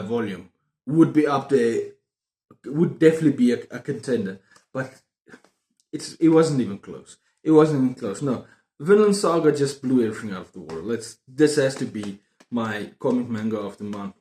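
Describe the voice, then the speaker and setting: A man chatting casually about books on his video channel, excitable and prone to repeating himself. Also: mid-range voice. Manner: excitable, repeats words and phrases. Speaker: book vlogger. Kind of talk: casual book review chat. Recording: roomy echo.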